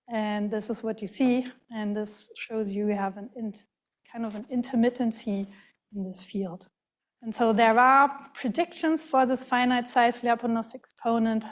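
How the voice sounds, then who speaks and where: A woman with a German accent gives an academic lecture in a large hall. Her voice sits a little high, and her delivery is careful and halting, full of fillers and restarted words.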